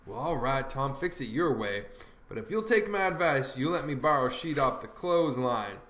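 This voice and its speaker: A man's voice: medium pitch, lively intonation, moderate pace, fairly bright tone, a little hiss or hum, close to an everyday voice. Huck Finn, a man reading a skeptical country boy. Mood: practical. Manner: puzzled, practical, folksy dialect. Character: plain-spoken skeptical teenage boy. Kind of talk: audiobook character reading. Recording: roomy echo.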